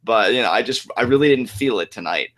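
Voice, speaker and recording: A man co-hosting a casual wrestling review podcast, animated and agreeable, talking in quick bursts of enthusiasm. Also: mid-range voice. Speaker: podcast co-host.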